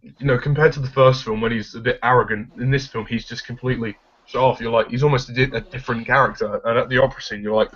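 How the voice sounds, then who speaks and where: A man's voice: medium pitch, fairly even intonation, fast talker, a bit bright. A man giving his blunt, opinionated take on a film in a casual discussion. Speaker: film reviewer. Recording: dull lo-fi recording.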